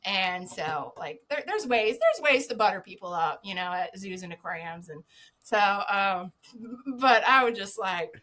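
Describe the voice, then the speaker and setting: A woman's voice: medium pitch, lively intonation, measured pace, sharp tone. A woman guest on a podcast, a former zookeeper telling a casual anecdote, swearing freely and laughing often.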